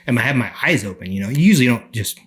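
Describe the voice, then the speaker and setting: A middle-aged man telling a story on a podcast, animated, acting out the people he quotes. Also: medium pitch, racing, husky. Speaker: podcast guest. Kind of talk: casual storytelling.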